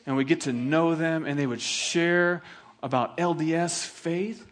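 A middle-aged male pastor preaching a sermon, telling stories in an animated, laughing way. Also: a little high, unhurried.

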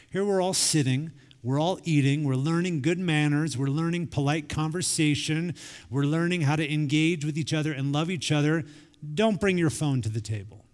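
A man's voice: fairly high pitch, darkish tone. A man in his forties preaching a sermon in a conversational way, acting out quoted family dialogue. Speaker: pastor. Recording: long reverb of a large hall.

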